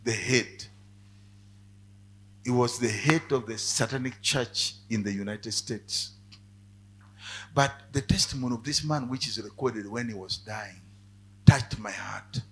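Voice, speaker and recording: Husky preacher man with sudden loud cries. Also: medium pitch, unhurried, long pauses. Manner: swings from quiet asides to loud, rising cries. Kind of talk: sermon.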